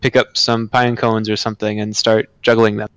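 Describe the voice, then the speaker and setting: Calm, smooth-voiced male player. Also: fairly low pitch, normal speed, dry recording, poor audio. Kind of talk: describing his character's actions.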